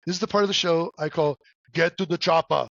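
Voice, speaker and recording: A middle-aged man hosting a podcast in casual chat, halting with many fillers and restarts, cracking jokes. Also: a little high, creaky, a bit bright, slight background noise. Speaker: podcast host. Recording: dull dry lo-fi sound.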